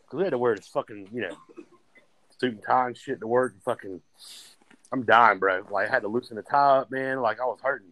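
A man's voice: medium pitch, brisk, no echo, poor audio. A man telling profane stories in casual podcast chat. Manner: profane, animated storytelling. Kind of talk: casual storytelling.

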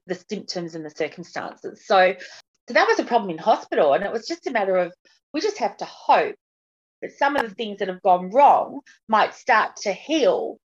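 A woman speaking frankly and earnestly as a podcast guest, her voice sitting at an ordinary middle pitch. The audio is dull and lo-fi, with the top end muffled. She talks in an open, unguarded way. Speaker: podcast guest, patient advocate. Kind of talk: candid personal interview.

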